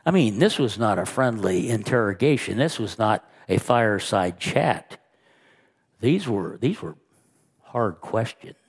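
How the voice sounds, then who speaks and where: A man pastor preaching a sermon, slow and emphatic, rising and quickening when he retells scenes. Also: on the low side, lively intonation, husky.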